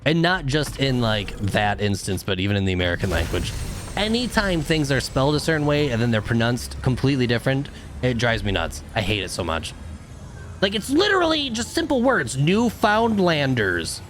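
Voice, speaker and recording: A young man streams a game and talks to his chat as he plays. His pitch jumps all over and he swings from easy chatter to loud frustrated yelling. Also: a little fast, a little hiss or hum. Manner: animated, frustrated outbursts, chatting with viewers. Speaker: gaming streamer. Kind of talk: live game commentary.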